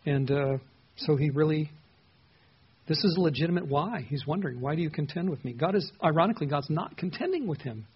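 A man with a somewhat raised, husky voice teaches a Bible passage in a conversational way. He asks his listeners questions and repeats words as he thinks aloud. The recording sounds muffled and lo-fi. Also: fairly high pitch, expressive, fairly quick. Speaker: pastor.

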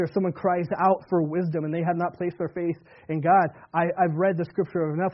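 Man, pastor, sermon, earnest preaching, husky, dull muffled recording. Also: on the high side. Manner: earnest preaching, surging louder on scripture quotes.

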